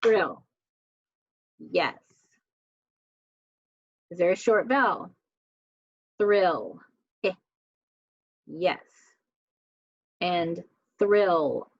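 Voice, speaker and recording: A woman teacher talks through a spelling lesson at a very slow, deliberate pace, sounding out each letter. Her voice is dry and close, with a dull, muffled lo-fi quality to the recording. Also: fairly low pitch, expressive, no room sound.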